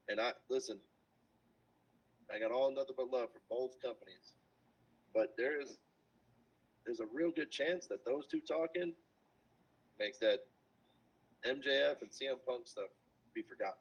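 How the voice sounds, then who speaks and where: Husky man telling animated wrestling stories. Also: medium pitch, moderate pace, long pauses. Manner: animated, acts out quotes in shifting voices. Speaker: podcast guest, wrestler. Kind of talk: casual storytelling chat. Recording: dull lo-fi sound.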